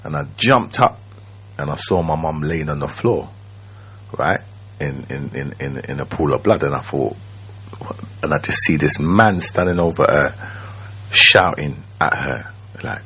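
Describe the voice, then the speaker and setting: A man, telling his own story as a radio guest in a slow, reflective way, often checking that the listener follows. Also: very deep voice, pushed and bright, slightly rough. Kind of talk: personal storytelling. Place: radio studio.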